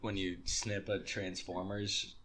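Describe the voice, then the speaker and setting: A man's voice: sits low, level tone, slow, bright, forceful tone. A man co-hosting a podcast in loose comedic banter, joking and laughing often. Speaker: podcast co-host.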